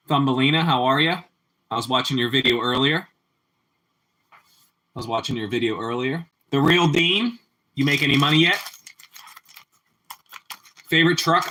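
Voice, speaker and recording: Relaxed male stream host, bright clear tone, cooking at home, easy chatty talk. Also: medium pitch, slight background noise. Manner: relaxed, answers viewer chat, often repeats his phrases. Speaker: livestream host. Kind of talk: casual chat while cooking. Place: home kitchen.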